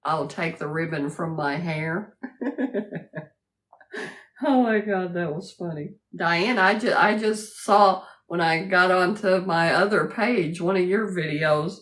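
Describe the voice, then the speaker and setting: A woman hosting a casual live stream, talking into her phone at home. She greets viewers one by one and laughs freely as she chats. Her voice sits a little low, and she talks at an unhurried, drawn-out pace. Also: fairly bright tone. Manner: chatty, laughs a lot, greets viewers by name. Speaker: livestream host greeting viewers.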